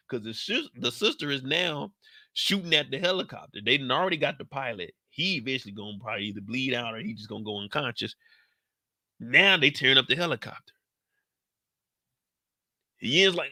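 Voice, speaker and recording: A man's voice: mid-range voice, expressive, a little fast, sharp tone, dry recording. A man giving a casual, joking and profane recap of a TV episode as host.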